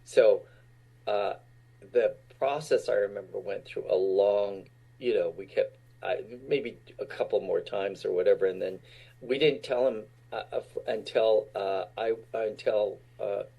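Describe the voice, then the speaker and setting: Guest actor, sixties, from Utah: husky, low voice, laid-back anecdotes punctuated by laughter. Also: male voice, unhurried, highs cut off. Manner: laughs often while recounting stories. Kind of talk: casual storytelling.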